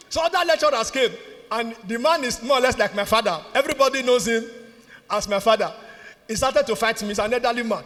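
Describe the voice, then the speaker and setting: A Nigerian man preaching a sermon as pastor, exuberant, often laughing and shouting. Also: extremely high pitch, quick pace, big-room sound. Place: church.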